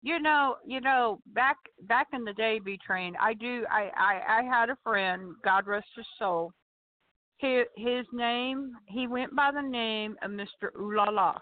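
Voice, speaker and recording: A woman's voice: on the high side, unhurried. An older woman co-hosting a casual podcast, playful and chatty, telling stories. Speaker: podcast co-host. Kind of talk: casual chat. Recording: tinny phone-like line.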